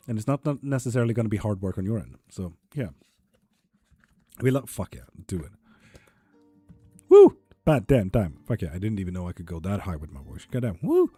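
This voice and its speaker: A man's voice: lowish voice, expressive, normal speed, pauses often, darkish tone, breathy edge, no room sound, soft background music. A man chatting casually on a live tarot stream, reading viewers' comments aloud and swearing freely. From Sweden.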